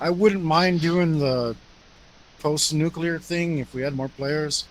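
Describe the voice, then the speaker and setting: A man's voice: fairly high pitch, slow, rough recording. A man co-hosting a casual podcast chat, talking in an easygoing, rambling way. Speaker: podcast co-host.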